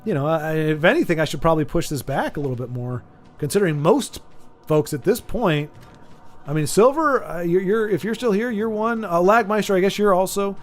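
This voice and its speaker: High-voiced rambling American streamer. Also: male voice, fairly quick, faint music behind. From United States. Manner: rambling, chatty, lots of restarts, reads chat aloud. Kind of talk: casual chat while gaming.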